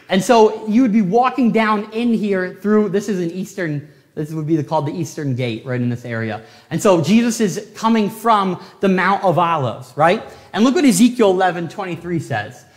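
A man preaching a sermon as pastor, telling the story with animated swings from loud to hushed. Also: sits high, big-room sound. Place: church sanctuary.

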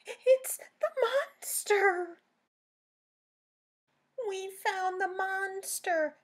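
An eager little girl hunting for a monster on the farm, as a woman puts on a higher voice. She sounds breathy and lively, with big swoops of pitch in a read-aloud storybook. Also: takes it slowly, heavily acted. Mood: excited. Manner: bright, excited storybook reading.

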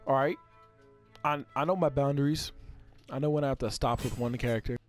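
A man giving casual live commentary over his own gameplay, trash-talking in a profane, excitable way with sudden yells. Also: mid-range voice, brisk, soft background music.

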